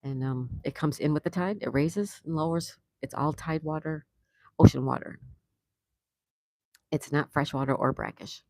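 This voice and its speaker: A woman's voice: sits low, moderate pace, pauses often, mellow, dry recording. Chatty woman hosting a live stream, dry sound. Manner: chatty, greets viewers and answers the chat; laughs often. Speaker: livestream host. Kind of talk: casual live-stream chat. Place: home in Florida.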